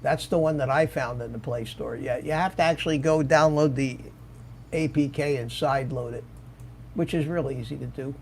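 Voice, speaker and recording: A man's voice: medium pitch, moderate pace, gravelly, a little hiss or hum. An older man hosting a hobby livestream over a video call, talking casually and restarting his sentences often. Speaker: livestream host. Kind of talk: casual panel chat.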